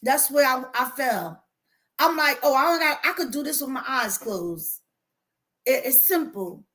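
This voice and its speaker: Woman, life coach, livestream, animated, preachy, bright tone. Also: high voice, measured pace. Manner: animated, preachy, talks straight to viewers. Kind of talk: livestream motivational talk.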